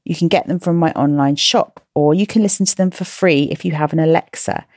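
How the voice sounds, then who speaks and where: A woman hosting a podcast for children, chatty and gently self-mocking as she encourages her listeners. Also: low voice, brisk, no echo, clean studio sound. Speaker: podcast host and coach for children. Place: at home, in slippers.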